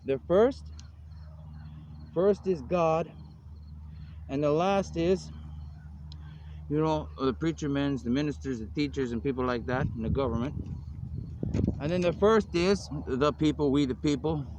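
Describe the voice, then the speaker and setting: A man's voice: on the high side, a little slow, pauses often. Rambling man outdoors over traffic noise. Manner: meandering, loose, drops in "man" and "you know" constantly. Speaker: self-described minister. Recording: noisy outdoor street recording. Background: traffic and city noise.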